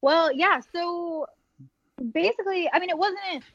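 A woman's voice: very high voice, measured pace, a bit bright, dry recording, dull audio. A young woman from Michigan, a guest musician in a casual podcast chat, talking in a chatty, giggly, rambling way with lots of fillers.

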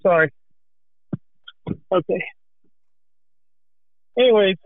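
A man with a fairly high voice tells a racing story in a folksy, animated ramble, a little short of breath. He comes through a thin, tinny phone line with a dry sound. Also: very slow, dry recording. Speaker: guest telling a racing story. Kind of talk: casual storytelling.

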